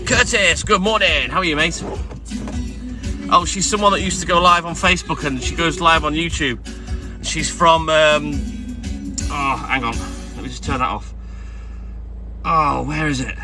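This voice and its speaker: A man's voice: on the high side, moderate pace. Chatty man on a live stream with music. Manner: chatty, warmly greets viewers by name. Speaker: live streamer greeting viewers. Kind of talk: casual live-stream chat. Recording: music playing in the background.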